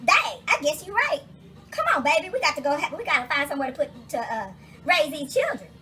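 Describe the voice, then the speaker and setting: A woman voicing a male backyard critter who is slow to believe his mate. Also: high-pitched, sing-song, pushed and bright, soft background music, heavily acted. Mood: doubtful.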